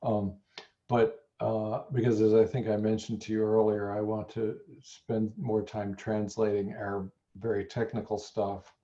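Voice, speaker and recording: A man being interviewed as a nutrition scientist, talking in a thoughtful, halting way with a lozenge in his mouth. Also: on the low side, level tone, warm tone, muffled recording. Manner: thoughtful, stammers on restarts. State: talking around a throat lozenge. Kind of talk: conversational interview.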